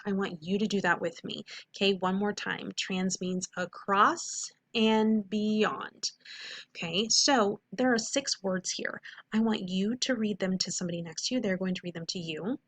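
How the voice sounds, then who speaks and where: A woman teaching a recorded phonics lesson, walking through each step clearly and checking in with "okay?" after each point. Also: mid-range voice, fairly bright tone.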